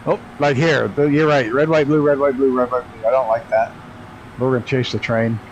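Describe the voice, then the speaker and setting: A man chatting loosely over a live stream as he flies, cursing often and cracking up at himself. His voice sits at an everyday middle pitch, with a faint hum running behind him. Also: fairly even intonation, brisk, highs cut off. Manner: profane, laughs at himself, talks to chat while flying. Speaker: flight sim streamer. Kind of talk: casual live-stream commentary.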